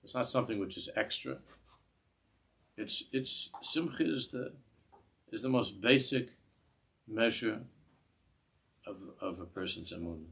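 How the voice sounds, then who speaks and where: A man's voice: lowish voice, a little slow, vocal fry, pauses often, a bit bright, slightly rough. A man, a rabbi giving a class in a synagogue, earnest, restarting phrases and mixing in Hebrew terms. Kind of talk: sermon.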